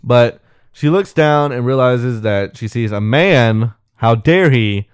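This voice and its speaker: A man's voice: mid-range voice, slow pace, smooth, dry recording, studio quality. A man co-hosting a podcast, casually retelling a film plot and acting out the characters' lines. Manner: animated retelling, acts out quoted lines, swears casually. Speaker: podcast co-host.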